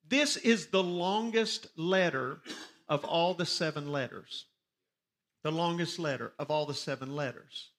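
Teaching a Bible study sermon, a pastor reads scripture with rising emphasis and tells listeners to underline words. His voice is a little high and a bit bright.

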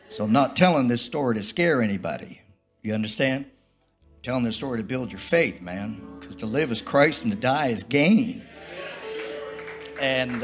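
An older man preaches from the pulpit in a folksy, meandering storytelling style, circling back and repeating himself. His voice sits at an ordinary middle pitch. Soft music plays faintly underneath. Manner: folksy, rambling, repetitive storytelling. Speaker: traveling preacher. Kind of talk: sermon testimony.

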